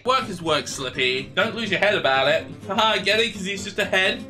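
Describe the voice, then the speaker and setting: A man's voice: high-pitched, a little slow, few pauses, pushed and bright, soft background music. A man commentating a let's play on stream, joking, swearing and bantering with the characters through a desk mic. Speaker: gaming streamer.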